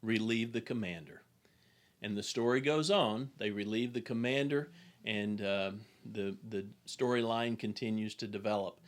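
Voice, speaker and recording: A man's voice: on the low side, fairly even intonation, moderate pace. A man who is an executive coach, giving a recorded business lesson in an earnest, plain and direct storytelling manner.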